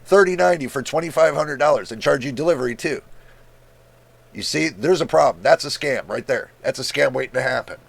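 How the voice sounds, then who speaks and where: A tech YouTuber rants casually during a screen share, sounding exasperated, blunt, and incredulous while swearing freely. His gravelly voice is medium in pitch and a little fast.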